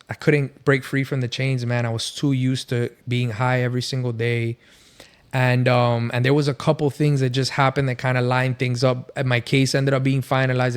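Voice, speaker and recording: A man's voice: medium pitch, clear, resonant tone. Casual man telling his story. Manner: rambling, heavy on fillers like "like" and "man". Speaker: podcast guest.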